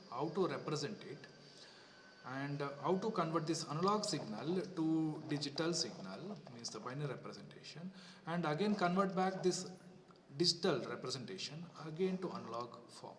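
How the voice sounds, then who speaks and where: A man's voice: on the high side, reverberant, big-room sound, distant mic, a little hiss or hum. A man giving a classroom lecture. He explains step by step, repeats himself and says "okay" often.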